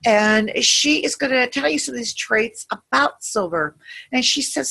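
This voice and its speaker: A woman with a bright, forward voice and a husky edge to it talks listeners through a guided visualization. She speaks gently and soothingly, drifting between imagery and casual asides. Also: fairly high pitch, measured pace. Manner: meandering, gentle, soothing storytelling. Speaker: meditation guide.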